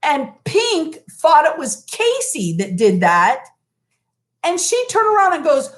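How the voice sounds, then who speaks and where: A woman's voice: very high-pitched, sing-song, moderate pace. A woman co-hosting a casual live stream who tells stories animatedly and acts out the quotes in them. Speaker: co-host. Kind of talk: casual chat.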